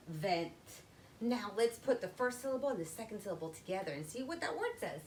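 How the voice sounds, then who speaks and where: A woman teaching a phonics lesson to young children, explaining step by step in a slow, patient way. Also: medium pitch, sing-song, a little hiss or hum, low-quality recording. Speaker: literacy teacher.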